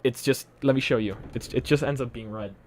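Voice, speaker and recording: A man's voice: medium pitch, a little fast, a little hiss or hum. Chatty man with a mixed Irish-tinged accent. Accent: mixed, partly Irish. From Poland. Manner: chatty and rambling, with frequent laughs. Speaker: livestream host. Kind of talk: casual live-stream chat. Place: home room with a ring light.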